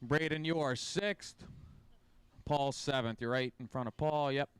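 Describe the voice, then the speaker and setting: A man announcing a live RC car race, with fast, playful play-by-play and joking asides. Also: mid-range voice, clear, resonant tone. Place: outdoor RC racetrack.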